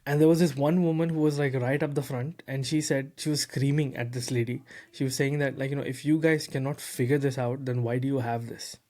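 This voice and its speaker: A man hosting a tech podcast, telling a story in a lively, casual way with lots of fillers and repeated words. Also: mid-range voice, fairly quick, few pauses. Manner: animated, repeats words, heavy fillers like "bro" and "you know". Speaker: podcast host.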